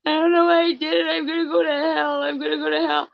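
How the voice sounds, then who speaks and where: A woman's voice: high voice, flat delivery, fast, vocal fry, no echo, muffled recording, pitched above the performer's own voice. A woman imitating a weepy male killer who wails and sobs in remorse. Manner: weepy, wailing.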